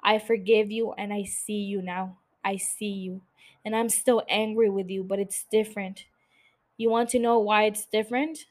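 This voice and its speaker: A woman reading the lines of a wounded woman who confronts the man who shot her, speaking in a measured, bitter way that turns forgiving. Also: medium pitch, fairly even intonation, natural voice.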